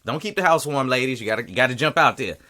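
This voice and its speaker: A podcast host tells a story in casual, profane chat, acting out other people's lines as he goes. His mid-range voice is expressive and sharp in tone, and he speaks fast.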